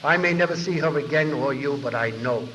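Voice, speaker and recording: This 1990 tape is muffled, with long hall reverb and a little hiss or hum, capturing a New York man telling his story at a recovery meeting. He speaks fast to a large convention hall audience, his voice slightly high for a man, and acts out others' lines as he goes.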